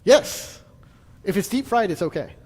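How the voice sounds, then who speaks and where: A man's voice: sits high, lively intonation, unhurried, darkish tone, big-room sound. A man casually leading a church history class, chatty and joking, with frequent restarts.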